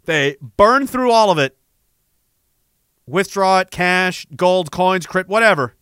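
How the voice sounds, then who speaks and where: A man delivering a sarcastic, profane satirical rant as an online commentator, slipping into a mock bank-salesman pitch. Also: animated, takes it slowly, a bit bright, clear, resonant tone, no echo, studio quality. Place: Canada.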